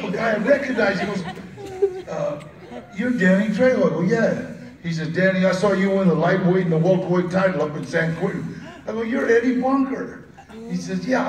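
A man interviewed at a movie premiere, telling stories casually, often laughing and acting out the voices of people he quotes. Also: high voice. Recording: roomy, distant mic with crowd noise.

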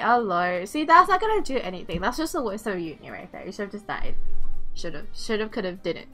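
A woman giving live gameplay commentary, excitable, swearing and laughing, with squeals when things heat up. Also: medium pitch, normal speed, faint music behind. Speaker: game streamer.

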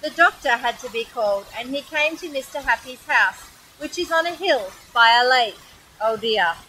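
An Australian woman reading a picture book aloud to children outdoors by a waterfall, in an animated, expressive way. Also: high voice, moderate pace, a little hiss or hum, rough recording. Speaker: storyteller.

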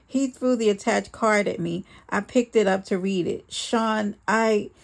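A woman's voice: mid-range voice, moderate pace, vocal fry. A woman reading a first-person memoir aloud, with a dramatic, earnest storytelling manner. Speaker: audiobook reader.

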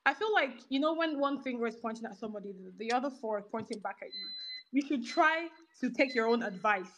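A woman's voice: a little high, animated, fairly bright tone. A woman arguing heatedly and sarcastically in an online audio room. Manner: confrontational, sarcastic, rapid rants. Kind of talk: heated argument.

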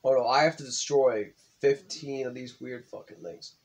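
A young man hosts a casual let's play with a friend. He talks bluntly, swears often, and bursts into loud yells when the game surprises him. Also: mid-range voice, steady tone, normal speed. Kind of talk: casual gaming commentary.

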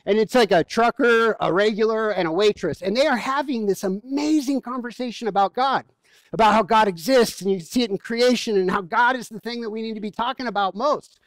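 In a church, a male pastor preaches a sermon in a relaxed, conversational way, telling stories and cracking jokes at a brisk pace. His voice sits high for a man, and the recording is dry and close with little room echo.

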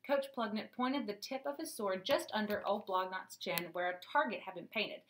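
Lady reading a kids' book aloud, lively, a little hiss behind. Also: mid-range voice, normal speed, few pauses. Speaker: audiobook narrator. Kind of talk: storybook narration.

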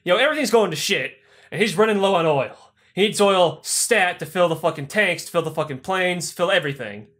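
Profane male podcast host, slightly high voice, rambling comic history. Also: expressive, brisk, fairly bright tone. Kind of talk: irreverent comedic history retelling.

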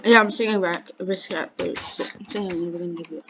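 A woman's voice: fairly low pitch, steady tone, rapid-fire, noisy background. A woman giving casual, jokey commentary on her game, rambling and talking to her character. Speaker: gamer. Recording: muffled mic with loud keyboard clicks.

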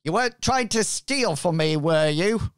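A man's voice: high-pitched, lively intonation, unhurried, clear, resonant tone, no room sound, studio quality, pitched above the performer's own voice. A man putting on a hearty female pirate captain. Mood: gruff surprise. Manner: pirate voice slipping into a rustic West Country farmer drawl. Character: boisterous middle-aged female pirate ship captain.

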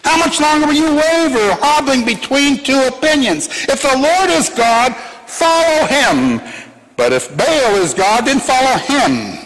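A man doing a high, shouting old prophet mocking his rivals, long hall echo. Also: animated, unhurried, heavily acted. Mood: challenging. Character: Elijah, bold scoffing old male prophet.

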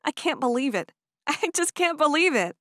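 A woman reads as an eager young Amish woman who gushes in a high, breathless voice that leaps up and down. The delivery is dry and close, in the manner of an audiobook character. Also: sing-song, normal speed, pushed and bright, dry recording, exaggerated voice. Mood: delighted.

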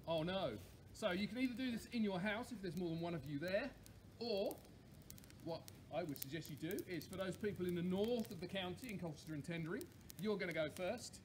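A man's voice: high voice, slight background noise. A man, a campsite warden, cheerfully hosting a campfire sing-along outdoors. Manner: cheerful, chatty, quick asides.

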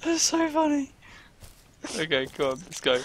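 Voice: high voice, wildly swooping pitch, moderate pace, crowd noise. A gamer giggling nonstop while playing a game with a friend. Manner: giggling constantly, amused. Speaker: co-player. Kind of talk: casual gaming commentary.

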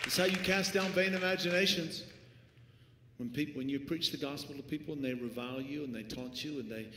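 A man preaching a sermon as pastor, swinging from hushed lines to shouts. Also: mid-range voice, fairly quick, a loud crowd, heavy background noise. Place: church sanctuary. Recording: echoey church hall, faint ambience.

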